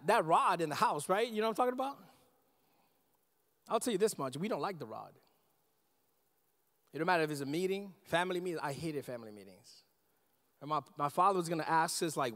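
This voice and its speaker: A man in his thirties preaching a sermon as pastor, animated and conversational, often asking the congregation questions. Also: fairly high pitch, a little fast, long pauses. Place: church sanctuary. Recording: long church reverb.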